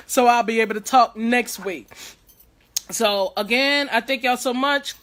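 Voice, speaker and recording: Hoarse woman giving earnest advice. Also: on the high side, unhurried. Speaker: host. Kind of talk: casual livestream talk.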